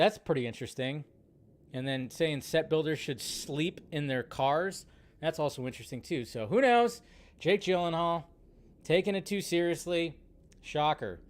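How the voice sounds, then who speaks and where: A man hosting a live movie news stream, ranting and exasperated as he talks to his viewers. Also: a little high.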